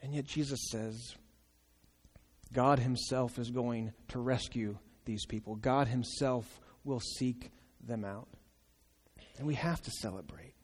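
A man preaching a sermon in an animated, exclaiming way, acting out the voices in his story, in a church hall. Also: mid-range voice, takes it slowly. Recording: long reverb of a large hall.

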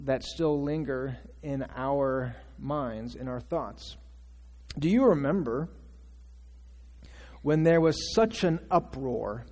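In a church sanctuary with long reverb, a male pastor delivers a conversational sermon in a slightly high, slightly mellow voice. He poses questions to the congregation and acts out quotes.

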